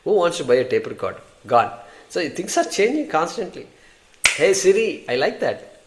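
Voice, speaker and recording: A man's voice: on the high side, big pitch swings, a little fast, slight background noise. A man with an Indian accent teaching a scripture class. He talks conversationally, asks the class questions and answers them himself, and recites Sanskrit terms and verses. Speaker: Vedanta teacher.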